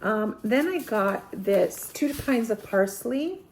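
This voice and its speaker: A woman's voice: fairly high pitch, animated, takes it slowly, a little hiss or hum. A woman from Apulia in Italy, a gardening vlogger, chatting casually through a seed haul, rambling and correcting herself with frequent ums.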